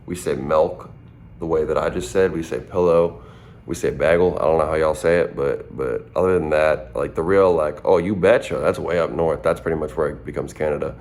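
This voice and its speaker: A man's voice: steady tone, brisk, darkish tone. A man in his twenties from southern Minnesota, a rapper casually answering fan questions in a playful, drawling way. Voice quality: very deep, gravelly voice. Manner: laid-back, drawling and playful. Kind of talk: casual chat.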